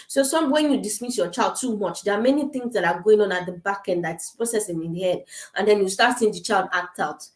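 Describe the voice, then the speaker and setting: Over a webcam on a video call, a woman from Africa gives a casual online talk to parents in a mid-range voice at a fairly quick pace, with a roomy sound. She's earnest and repeats her points, with frequent fillers and restarts.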